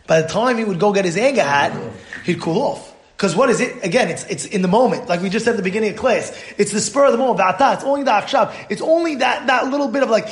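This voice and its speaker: A man's voice: high voice, fast. A man, a rabbi, giving a Torah class, telling stories with acted-out voices. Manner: animated storyteller acting out voices. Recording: echoey room.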